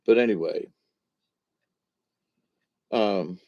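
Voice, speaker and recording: A man's voice: fairly low pitch, very slow. A man, talking in a folksy, meandering monologue that wanders between topics. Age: 60s. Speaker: vlogger. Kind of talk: rambling casual monologue. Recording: dull lo-fi recording.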